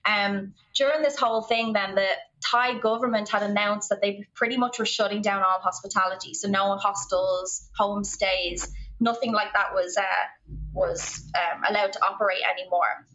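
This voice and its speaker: A young woman with an Irish accent tells a long story to a podcast host, wandering through it with constant fillers. Her voice is bright and forceful. The remote call audio sounds muffled and lo-fi. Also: mid-range voice, fairly even intonation, normal speed. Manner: rambling, filler-heavy, lots of "like". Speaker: podcast guest. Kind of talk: storytelling in casual conversation.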